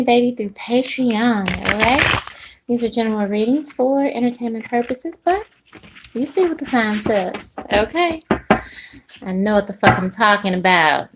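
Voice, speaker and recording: A high-pitched woman runs a casual tarot reading, bold and slangy, laughing and throwing asides at her audience. The home recording carries a clear noise bed under her voice. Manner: sassy, chatty, laughs often, slangy asides. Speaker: tarot reader.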